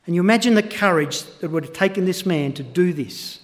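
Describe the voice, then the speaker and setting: A man's voice: fairly high pitch, animated, moderate pace. A man preaching a sermon to his congregation, earnest and building to impassioned emphasis. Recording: long hall reverb.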